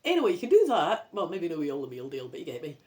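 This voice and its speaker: A fast-talking Scottish woman with a low, a little mellow voice and wildly swooping pitch reads a children's adventure book aloud. She rambles and chats along the way, throwing in sweary asides in this casual read-aloud.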